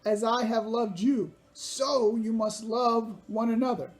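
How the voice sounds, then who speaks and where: A woman's voice: on the high side, steady tone, unhurried. A woman giving an upbeat children's sermon, talking straight to young viewers. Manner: upbeat, talks directly to kids.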